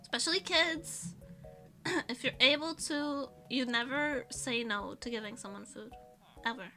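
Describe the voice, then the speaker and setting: A young woman streams in an easy, rambling way, often laughing at herself. Her voice sits high and sounds bright and crisp, with faint music playing underneath. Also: a little slow. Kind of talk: casual chat.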